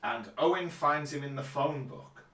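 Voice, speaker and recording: A man co-hosting a podcast, calmly recapping the plot of a TV episode. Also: medium pitch, normal speed, slight background noise. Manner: relaxed, summarizing plot steadily. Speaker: podcast co-host. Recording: roomy, distant mic.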